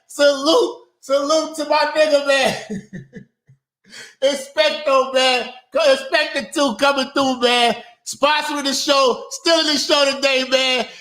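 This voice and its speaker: High, bright, shouting male commentator. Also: flat delivery, unhurried. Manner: loud and laughing, breaking into shouts; crude, mocking banter. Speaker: host. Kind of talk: reaction commentary.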